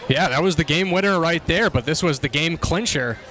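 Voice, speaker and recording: Bright-voiced sports color commentator man. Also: a little high, fairly quick.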